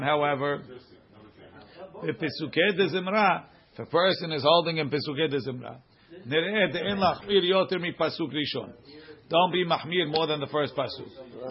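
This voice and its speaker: A man teaching a religious law class, reading source text quickly and then explaining it casually to students, in a dull lo-fi recording. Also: on the high side.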